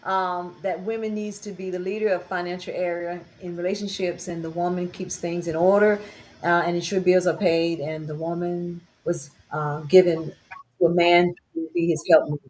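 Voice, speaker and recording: A woman's voice: lowish voice, little pitch movement, moderate pace, darkish tone. A woman in a casual discussion who chimes in with encouragement. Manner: encouraging interjections.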